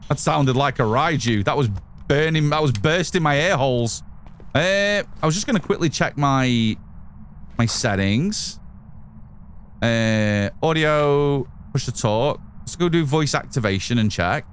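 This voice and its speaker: A man's voice: a little high, lively intonation, normal speed. A man giving chatty live commentary as he plays a game, talking to his chat and to himself. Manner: chatty, talks to chat and to himself while playing. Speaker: streamer.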